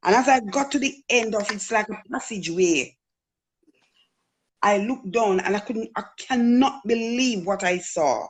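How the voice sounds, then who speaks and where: A woman's voice: mid-range voice, moderate pace. A middle-aged woman from Jamaica with a Jamaican accent, earnestly telling a personal story in casual talk. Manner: earnest storytelling, acts out quoted voices. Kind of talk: casual testimony.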